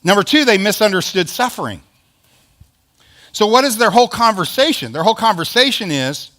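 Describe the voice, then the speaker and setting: A man's voice: high-pitched, expressive, fairly quick, pushed and bright. A male pastor preaching a sermon in a conversational, emphatic way, acting out quoted lines.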